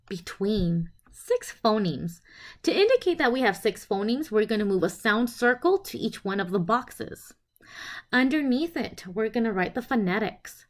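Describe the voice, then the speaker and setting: Woman teacher, instructional presentation; higher voice, unhurried, sounds out each letter deliberately. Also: lively intonation. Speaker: teacher presenting a literacy lesson.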